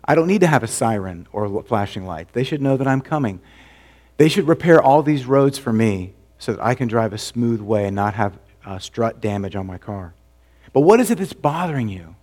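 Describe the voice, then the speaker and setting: A man pastor delivering a conversational sermon, asking rhetorical questions and dropping to a soft, low voice for emphasis. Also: animated, normal speed.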